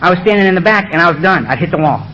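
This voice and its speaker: Fast-talking high-voiced man at a meeting. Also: lo-fi sound. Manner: animated storytelling with acted-out voices. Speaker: AA speaker. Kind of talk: recovery meeting talk. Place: meeting room with audience.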